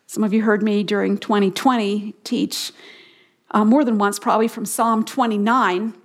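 A middle-aged woman giving a Bible teaching on a radio program, leading listeners in slow call-and-response repetitions of key phrases. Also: mid-range voice, level tone.

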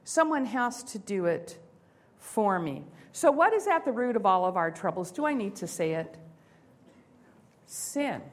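A woman giving a sermon-style talk, expressive and acting out inner voices, slowing down for emphasis. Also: mid-range voice. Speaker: speaker.

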